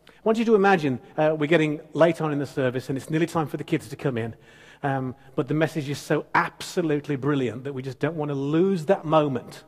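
A man preaching a sermon as pastor, emphatic and animated with conversational asides. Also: on the high side, quick pace. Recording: long church hall reverb.

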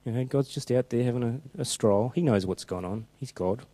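A man preaching a chatty, informal sermon who slows down when reading scripture aloud. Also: medium pitch, warm tone, breathy edge. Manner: conversational and chatty, slowing down for scripture quotes.

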